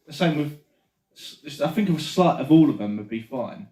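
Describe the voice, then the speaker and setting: A man's voice: fairly high pitch, animated, normal speed, warm tone, distant mic. Hesitant man, echoey and off-mic. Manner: trailing, hesitant, lots of 'like'. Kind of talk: casual banter. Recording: echoey room, away from the mic.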